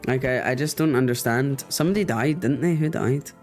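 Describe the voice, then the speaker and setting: A man streaming a video game, playful and quick to swear and exclaim. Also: mid-range voice, soft background music. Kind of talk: gameplay commentary.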